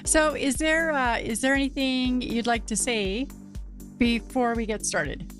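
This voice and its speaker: A woman hosts a live talk show from a video call, her voice sitting a little on the high side. She chats loosely and informally, with an easy giggle never far away. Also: fairly even intonation, measured pace, soft background music. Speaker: podcast host. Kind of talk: casual live-show hosting.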